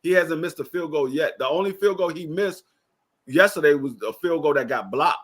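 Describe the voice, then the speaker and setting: A man's voice: fairly high pitch, moderate pace, a bit bright. A man in a casual football chat, teasing his co-host and explaining at length.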